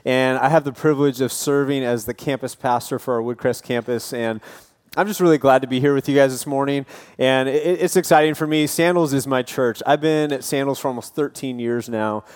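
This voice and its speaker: A man's voice: medium pitch, fairly even intonation, fairly quick, darkish tone, smooth. A man in his thirties, a campus pastor, preaching an earnest, casual sermon full of personal stories and light self-deprecating humor. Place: church auditorium.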